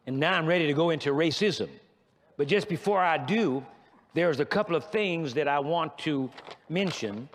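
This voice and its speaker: A man's voice: a little high, animated, normal speed, slight background noise. A male pastor teaching a sermon in an emphatic, conversational way, repeating phrases for stress, in a church sanctuary. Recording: long reverb of a large church hall.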